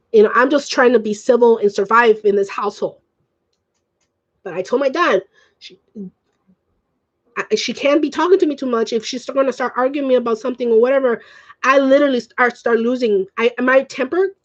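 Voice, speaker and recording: A woman's voice: fairly high pitch, dull audio. A young woman who grew up speaking Spanish, ranting emotionally and swearing in a home vlog. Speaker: vlogger.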